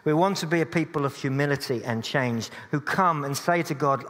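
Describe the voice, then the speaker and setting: A man's voice: a little high, brisk, a bit bright. A man preaching a sermon in a church, earnest but with dry humorous asides. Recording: long church reverb.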